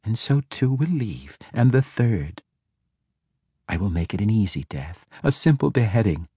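A man reading a fantasy audiobook, voicing a cruel, mocking female dark elf who taunts her captive. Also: on the low side, sing-song, measured pace, breathy edge, no echo, clean studio sound, exaggerated voice. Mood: taunting. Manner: taunting, coaxing, menacing.

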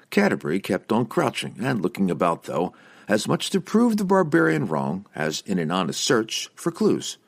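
Deep, husky male storyteller. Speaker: audiobook narrator. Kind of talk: scripted fantasy narration.

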